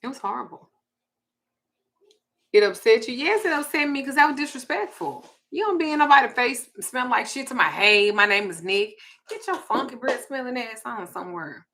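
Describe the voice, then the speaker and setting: Reading viewer comments on her livestream, a Southern woman with a high voice chats casually and briskly, telling a story bluntly with plenty of cursing. She's animated, and her voice jumps loud now and then.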